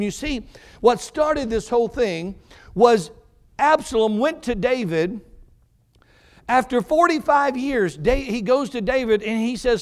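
High, smooth-voiced man preaching a sermon. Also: animated, moderate pace. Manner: swings between hushed low passages and rising, fervent emphasis.

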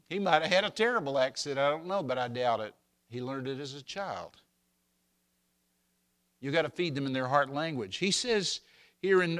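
Older male preacher, folksy and bright-toned, a bit higher than most men, rising loud on scripture. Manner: folksy storytelling, swells loud on scripture quotes. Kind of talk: sermon.

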